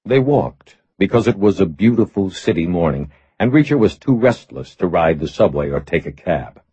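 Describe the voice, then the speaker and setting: A man narrating an audiobook in a measured, steady reading voice. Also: low-pitched, slightly rough, no echo. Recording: slightly muffled recording.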